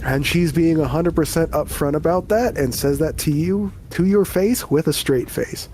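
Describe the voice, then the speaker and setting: A male game master narrating a tabletop game in a loose, rambling style and swearing freely. His voice sits a little high for a man, with a faint noise floor underneath. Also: moderate pace, a little mellow. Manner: casual, rambling, profane.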